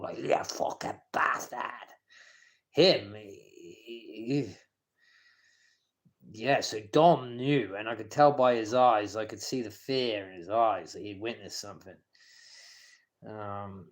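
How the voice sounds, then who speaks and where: A man rambles through a live-stream rant at an average pitch for a man. He trips over his words, repeats himself and starts sentences again, and he turns coarse and confrontational, swearing at people by name.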